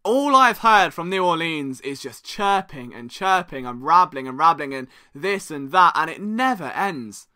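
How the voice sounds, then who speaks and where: A young man with a very bright, edgy voice sits high for a man and keeps a solo sports podcast rolling. He jokes, teases and pokes fun at himself as he talks. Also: unhurried, hardly any pauses. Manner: animated, joking, self-deprecating, does mocking voices.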